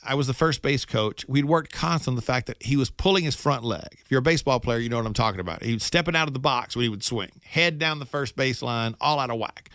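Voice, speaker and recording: A middle-aged man, a radio host, telling a personal story in a casual, animated monologue with self-mocking jokes. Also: mid-range voice, quick pace, hardly any pauses, no room sound, studio quality.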